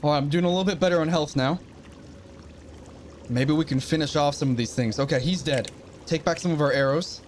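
A gaming channel host talks through a survival horror game as he plays, jumpy and frightened, exclaiming and muttering to himself. His voice is on the high side and brisk, though he pauses often. A little hiss or hum can be heard.

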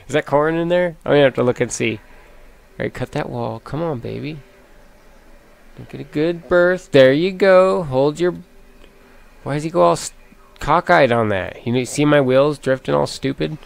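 A man giving casual, excitable commentary while playing a racing game, talking to himself and the game and sniffling from allergies. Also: medium pitch, creaky, smooth. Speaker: gameplay commentator. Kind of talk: casual let's play commentary. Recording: game music playing behind.

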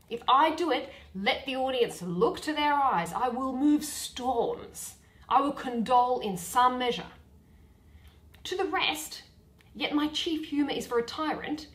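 A woman's voice: high voice, expressive, unhurried, a bit bright, echoey room, low-quality recording. A woman voicing a boastful, eager male weaver who declaims every line grandly.

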